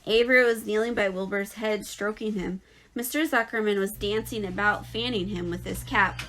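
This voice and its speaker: A woman teacher reads a children's novel aloud to her class. Her voice sits at an ordinary middle pitch. She gives the story an expressive, lively read-aloud delivery. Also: normal speed, rough recording. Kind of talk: reading a children's book aloud.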